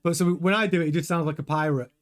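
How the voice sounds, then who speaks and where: A man hosting a live race watchalong, chatting excitably over the timings with frequent stumbling restarts. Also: a little high, racing. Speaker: host.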